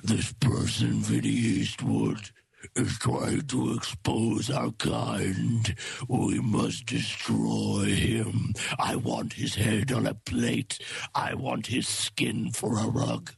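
A man voicing a sinister old male tycoon villain in a slow, menacing drawl. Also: on the low side, flat delivery, no echo, voice pushed down, heavily acted. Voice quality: gravelly.

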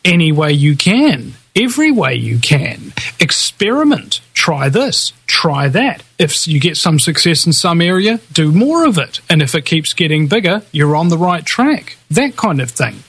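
A man's voice: fairly high pitch, sing-song, a little slow, few pauses, a bit bright, husky. A male guest in a casual talk show conversation, opinionated and hesitant at the starts of his thoughts.

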